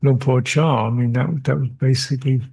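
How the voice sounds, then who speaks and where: This older Buddhist monk fields questions during a meditation retreat dharma talk, speaking at normal speed with a steady, dark, husky voice and some vocal fry. He's reflective, often chuckling and repeating short phrases.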